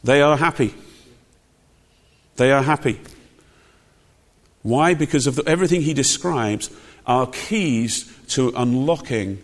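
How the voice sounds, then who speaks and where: A man preaching a sermon, emphatic and conversational, with frequent rhetorical questions. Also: medium pitch. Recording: long hall reverb.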